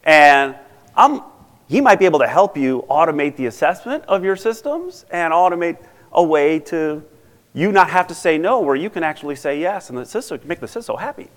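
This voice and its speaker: A man's voice: a little high, big pitch swings, moderate pace. A man voicing a lost young girl who is puzzled and chatty, in an echoing hall. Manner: incredulous, chatty. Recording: reverberant conference hall.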